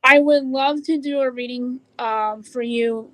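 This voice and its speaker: A woman's voice: sits high, steady tone, unhurried, no room sound, low-quality recording. A woman who works as a psychic medium, talking earnestly in an interview and explaining at length with restarts. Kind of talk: casual interview talk.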